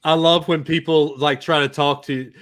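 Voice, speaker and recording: A man's voice: a little high, steady tone, normal speed, a bit bright. An American man in his thirties hosting a podcast, casual and jokey, laughing often and repeating words. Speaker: podcast host. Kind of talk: casual chat.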